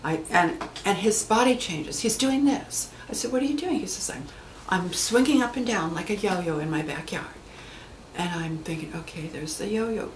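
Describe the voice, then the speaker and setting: A woman hypnotherapist telling stories about her clients in a lively way, acting out the voices of the people in them. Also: medium pitch, normal speed, reverberant, slight background noise, low-quality recording. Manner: animated storyteller acting out quoted voices. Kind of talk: anecdotal storytelling talk.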